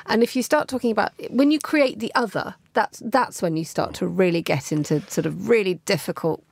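A woman's voice: medium pitch, brisk, gravelly, darkish tone. A British woman hosting a live radio talk show in a studio, thoughtful and conversational. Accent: British English. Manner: conversational, thoughtful, hands over to guests. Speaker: radio host. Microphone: studio microphone.

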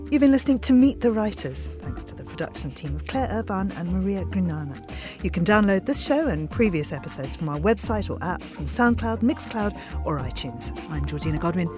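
A woman hosting a radio interview, asking questions in a measured, soft-spoken way. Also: on the low side, big pitch swings, music in the background.

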